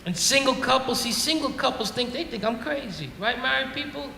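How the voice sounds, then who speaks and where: A man's voice: very high-pitched, animated, brisk, gravelly, few pauses, bright, forceful tone, a little hiss or hum. A middle-aged man doing a stand-up comedy set in a club, ranting in an exasperated, self-mocking way. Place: comedy club stage with laughing audience. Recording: echoey club room with reverb.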